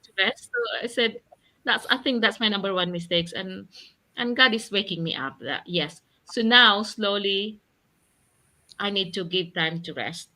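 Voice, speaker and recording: A woman's voice: mid-range voice, unhurried, bright, forceful tone. A woman on a video call talking earnestly in a casual chat, often laughing as she speaks. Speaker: accountability partner sharing in a group chat.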